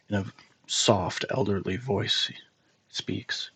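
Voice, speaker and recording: Husky-voiced man narrating as game master. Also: lowish voice, no room sound. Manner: measured descriptive narration.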